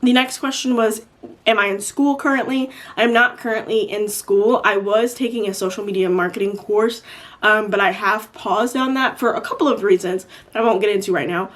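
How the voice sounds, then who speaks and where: A woman's voice: mid-range voice, moderate pace. Young woman, casual vlog chat, rambling, lots of filler words. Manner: chatty, rambling with many "like" and "um". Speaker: vlogger answering viewer questions.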